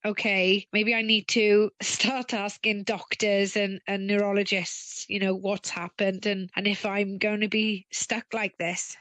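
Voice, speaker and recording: A woman with a Welsh-sounding accent, telling her own story as a radio interview guest in an earnest, halting way. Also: medium pitch, little pitch movement, fairly bright tone, no room sound. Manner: earnest, halting, with repeated restarts. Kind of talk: personal account in a radio interview.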